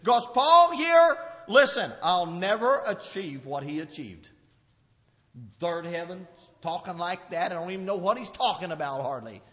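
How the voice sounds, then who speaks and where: A man preaching a fervent sermon in a very high, bright voice that leaps up and down in pitch, bursting out loudly and then dropping to a murmur. The recording is dull and lo-fi, with a long reverb trailing off the walls of a church hall. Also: sing-song, unhurried. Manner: impassioned, swinging from loud outbursts to low murmurs.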